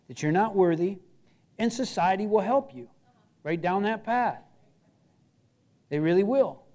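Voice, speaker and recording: With a high-pitched voice, a middle-aged man preaches a sermon as a pastor. His delivery is earnest, full of repeated short phrases, and it drops from loud emphasis to near-whispers.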